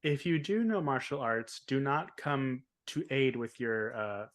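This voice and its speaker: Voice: medium pitch, expressive, a little slow. A podcast co-host dropping wry, joking remarks in casual chat.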